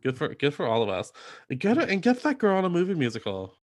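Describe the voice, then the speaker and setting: Dude cohosting a podcast, chatty, lots of likes and quick asides. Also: male voice, a little high, huge pitch swings. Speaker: podcast co-host. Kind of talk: casual chat.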